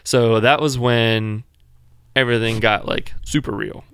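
A man's voice: mid-range voice, steady tone, unhurried, a bit bright, clean tone, dry recording, clean studio sound. A man casually telling the story of his child's birth, rambling and filling his talk with "like", joking along the way. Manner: rambling, full of "like", jokes around.

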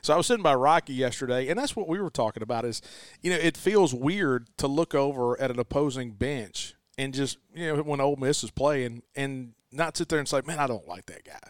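Casting: mid-pitched male sports host, emphatic and chatty, dry studio mic. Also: fairly quick, clear, resonant tone, no echo. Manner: emphatic, repeats "let me tell you". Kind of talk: casual sports chat.

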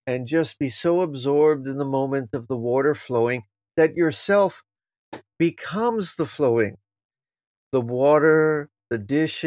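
A man who teaches Zen, co-hosting a casual podcast discussion and talking in an animated, playfully teasing way. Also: fairly high pitch, dry recording. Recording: dull, dry lo-fi sound.

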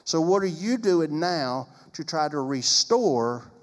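Male pastor with a slightly high voice and an emphatic, sarcastic delivery, recorded with long reverb. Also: animated, takes it slowly. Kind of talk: preaching-style talk on marriage.

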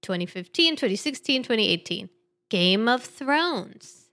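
A woman hosting a casual podcast chat, easygoing and quick to laugh. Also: a little high, lively intonation, sharp tone. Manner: giggly, easygoing, laughs often. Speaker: podcast host. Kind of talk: casual chat about crossword puzzles.

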